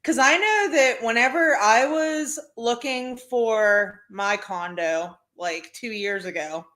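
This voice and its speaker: A woman's voice: a little high, takes it slowly, pushed and bright. A young woman co-hosting a podcast, chatting casually and rambling with lots of filler words. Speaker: podcast co-host. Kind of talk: casual chat.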